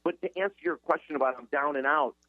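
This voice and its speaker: A man, a guest author in a radio interview, talking in an emphatic, energetic motivational way. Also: fairly high pitch, quick pace, no room sound. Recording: tinny phone line.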